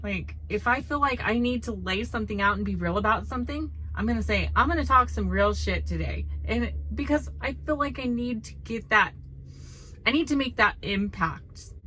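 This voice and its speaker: A Southern woman trucker chats casually to her viewers, candid and blunt. Her voice sits a little high and has a bright, forceful edge. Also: normal speed, a little hiss or hum, low-quality recording. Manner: blunt, candid, says y'all. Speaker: trucker vlogger. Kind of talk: casual chat to camera.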